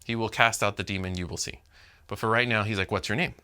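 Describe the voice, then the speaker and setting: A man preaching a sermon as pastor, animated and talking directly to his congregation. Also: fairly low pitch, fast, clear, resonant tone. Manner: animated, talks to the congregation, acts out quotes.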